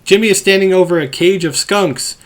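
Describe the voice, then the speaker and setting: A man with a slightly higher voice recaps a movie for his podcast. He tells it scene by scene and jumps into animated voices for the quotes. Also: a little fast. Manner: narrates scenes, acting out quotes in lively voices. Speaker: podcast host.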